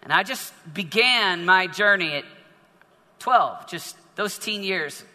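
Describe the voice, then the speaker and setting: A male preacher with a high, very bright voice tells a story in a sermon, circling back and repeating himself as he goes. His words ring out under a long hall reverb. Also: expressive, slow. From northern United States. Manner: storytelling with frequent repetitions and restarts.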